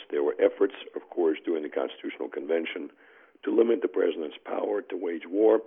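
A man's voice: low voice, creaky, breathy edge. A man presenting a legal argument as a panelist, emphatic and peppered with uh and um fillers. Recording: tinny phone-like line.

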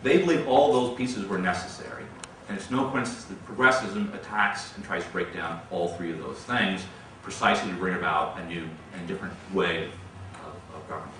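A man lecturing and answering audience questions in a measured way, often repeating words as he starts a sentence. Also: deep voice, a bit bright. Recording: echoey hall from far off, faint noise.

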